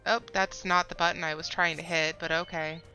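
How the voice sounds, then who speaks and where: A woman's voice: fairly low pitch, level tone, brisk, pushed and bright, faint music behind. A woman streamer chatting casually and reacting as she plays a game live.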